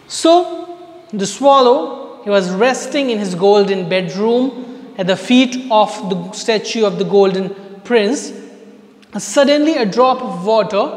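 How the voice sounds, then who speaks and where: Slow, high-voiced Indian English teacher. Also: male voice. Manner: reads a passage aloud, then retells it in simple words. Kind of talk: reading and explaining a story in an online class. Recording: echoey room with long reverb.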